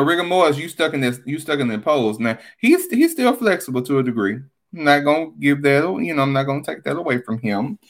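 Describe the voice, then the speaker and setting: A vlogger who talks in an animated, exclamatory rush, swears freely and keeps breaking into laughter. The pitch swings widely across the middle of the range. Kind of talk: casual commentary monologue.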